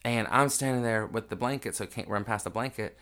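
A podcast host talks fast in a lowish, somewhat bright voice while telling a family story. The casual monologue is emotional, raw and unedited.

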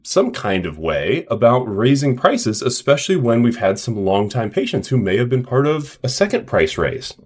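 A man's voice: mid-range voice, big pitch swings, moderate pace, hardly any pauses, husky. A man co-hosting a casual business podcast. He speaks emphatically in a coaching tone and slips into acted-out dialogue to make his points. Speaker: podcast co-host, clinic owner.

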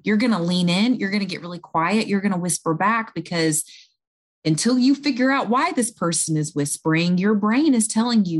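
A woman speaking as an interview guest, calmly explaining and talking through everyday examples. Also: medium pitch, normal speed. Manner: calm, explanatory, talks listeners through examples. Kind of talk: conversational advice.

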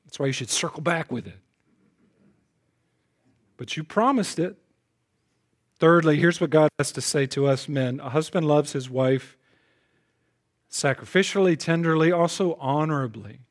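A man preaching a sermon as pastor. He is emphatic, often repeats words as he starts a phrase, and swings between loud punches and soft, lowered asides. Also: unhurried, pauses often.

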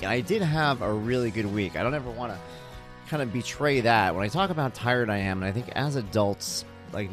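A man in his thirties hosting his own podcast, chatting casually in a rambling, self-deprecating, joking way while sounding tired. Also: lowish voice. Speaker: podcast host. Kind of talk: casual solo podcast chat.

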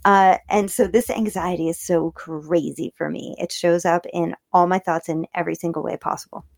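Chatty, fast-talking woman vlogger with a low, gravelly voice, recorded close and dry. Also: steady tone, no room sound. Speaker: video creator. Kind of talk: casual personal storytelling.

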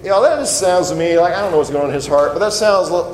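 A pastor giving a conversational sermon and leading a closing prayer. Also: male voice, high-pitched, quick pace, darkish tone. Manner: conversational preaching, ending in prayer. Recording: roomy hall reverb, faint noise.

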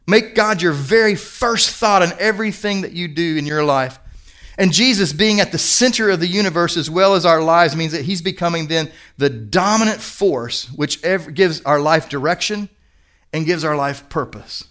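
Middle-aged male pastor, slightly higher voice, earnest sermon delivery that drives points home by repeating them. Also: normal speed, fairly bright tone. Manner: earnest, emphatic repetition.

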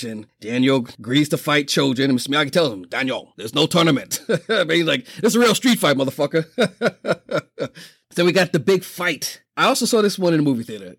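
Man, slightly high voice, dry close sound; lively, profane movie recapper who laughs a lot. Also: no echo. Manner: animated storytelling, laughs often, acts out quotes.

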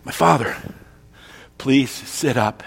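A desperate rough hunter, as a preacher puts him on, begging loudly in a raised, husky voice. The sound rings with long hall reverb. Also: male voice, medium pitch, slow, heavily acted. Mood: pleading. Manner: loud, pleading, raised voice. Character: desperate grown male hunter, tough but broken.

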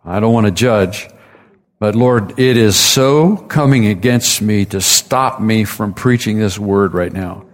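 A man's voice: on the low side, measured pace. A man preaching a sermon, retelling a story with casual asides and acted-out quotes.

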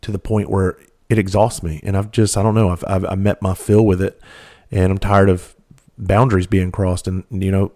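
A middle-aged man with a fairly low voice hosts his podcast solo. He spins a long story in a loose, candid way, swearing freely and doubling back on his words. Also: flat delivery, normal speed, warm tone. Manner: candid, profane, rambling with restarts. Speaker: podcast host. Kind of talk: casual storytelling monologue.

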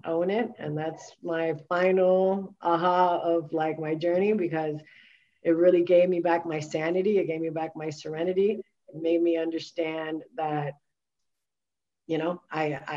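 A woman's voice: low voice, mellow, highs cut off. A woman guest, a wellness coach, telling her personal story candidly in conversation, emphatic and full of filler words and restarts.

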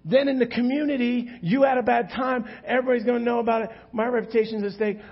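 Man doing a frazzled, indignant hostess, raised pitch, husky, dull lo-fi sound. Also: fairly even intonation, fast talker. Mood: anxious. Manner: indignant, pleading. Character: frustrated, overworked woman host demanding help.

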